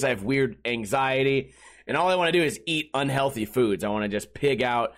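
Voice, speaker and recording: A young man hosting his solo live-streamed podcast, telling stories in a rambling, animated way with lots of swearing, a bit tired after just waking up. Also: fairly high pitch. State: a little tired, just woke up. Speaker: podcast host.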